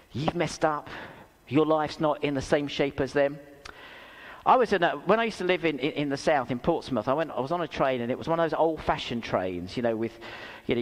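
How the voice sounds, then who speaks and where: A man's voice: fairly high pitch, fairly quick. A man preaching a sermon in a church, telling stories with self-deprecating humour and asking rhetorical questions. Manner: animated storytelling with rhetorical questions. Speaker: pastor. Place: church hall. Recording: reverberant church hall.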